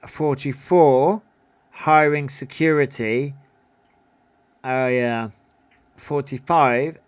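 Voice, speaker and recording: A man's voice: mid-range voice, clear, resonant tone. A man hosting a livestream in casual commentary, reading down a numbered list and adding offhand remarks. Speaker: livestream host.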